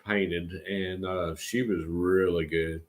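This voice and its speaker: A man's voice: deep voice, steady tone, takes it slowly. A middle-aged man with a Georgia Southern accent, hosting a casual livestream chat in a folksy, rambling way. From Georgia, USA. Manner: folksy, rambling, says y'all. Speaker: channel host.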